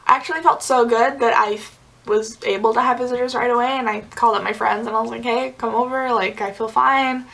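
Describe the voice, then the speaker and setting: Chatty young woman vlogger, higher voice. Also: steady tone, fairly quick, gravelly, a bit bright, rough recording. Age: young adult. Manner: chatty, many "like" fillers, giggly asides. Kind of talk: casual storytelling to camera.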